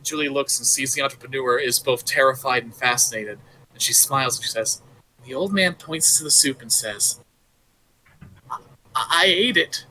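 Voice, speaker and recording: A man narrating a tabletop game as game master, telling a story with animated sound effects. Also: medium pitch, fairly quick, a little hiss or hum, poor audio.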